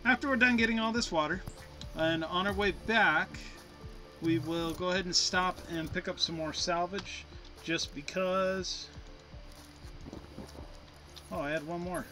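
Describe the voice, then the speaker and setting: A man's voice: high voice, unhurried, long pauses. A man giving casual, playful commentary while he plays a game, chatting to himself as he goes. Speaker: gameplay commentator. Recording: game music playing behind.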